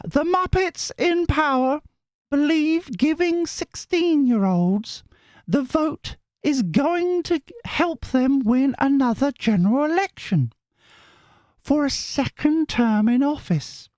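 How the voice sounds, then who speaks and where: A bright, chirpy woman fan, as a man puts her on in falsetto, her message lilting high and swooping in a sing-song way. Every word floats far above a man's voice, playful and a little mocking. The sound is dry and close. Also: animated, slow, no room sound, heavily acted.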